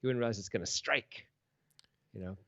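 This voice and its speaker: A man's voice: fairly low pitch, fairly quick, pushed and bright, no room sound, highs cut off. A man commentating a poker stream in a casual, joking, rambling way, often laughing.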